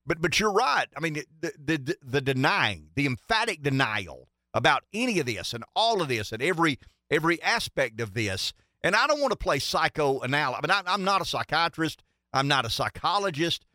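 A man's voice: fairly high pitch, sing-song, moderate pace, sharp tone, no echo, clean studio sound. A man giving emphatic political commentary on a talk show, stacking rhetorical questions and repeating himself for emphasis.

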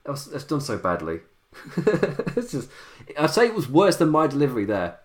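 A man's voice: mid-range voice, sing-song, fast. Chatty man laughing often. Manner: rambling and chatty, laughs often at his own remarks. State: tired late-night voice. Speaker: wrestling show reviewer. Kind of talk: casual livestream commentary.

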